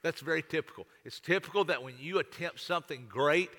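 A man preaches in a folksy, stop-and-start way, repeating himself as he talks to his congregation. His voice sits a little high and sounds bright and sharp. It rings with a long reverb through a church sanctuary. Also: brisk. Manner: folksy, repetitive, stammering restarts. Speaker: pastor. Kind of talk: sermon.

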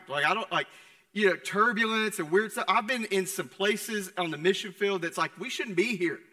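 Young guy preaching, high voice, chatty, reverby church hall. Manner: conversational preaching, swings from loud to hushed. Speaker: pastor. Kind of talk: sermon. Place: church sanctuary.

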